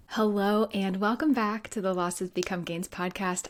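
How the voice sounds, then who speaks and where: A woman's voice: medium pitch, fairly even intonation, normal speed, hardly any pauses, soft background music. A woman hosting a podcast as a grief and life coach, talking in an earnest, conversational way with light laughs. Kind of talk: solo podcast talk.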